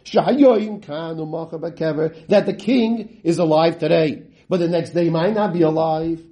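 A man teaching a Talmud lesson, reading the Aramaic and translating it line by line, asking rhetorical questions and swinging his pitch for drama. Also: moderate pace, warm tone.

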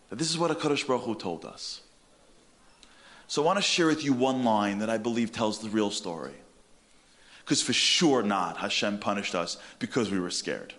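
A man delivering a humorous sermon with animated storytelling. His voice sits in a middle register and swings widely in pitch. He has a lively, comic delivery. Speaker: speaker.

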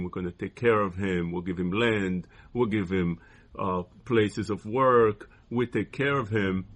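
A man giving a weekly Torah portion talk in a halting way, often repeating words and restarting. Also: fairly low pitch.

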